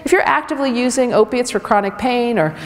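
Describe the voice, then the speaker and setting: A woman's voice: fairly high pitch, fast. A woman physician giving a direct, emphatic public health lecture to a community audience. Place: community event hall. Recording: long reverb of a hall.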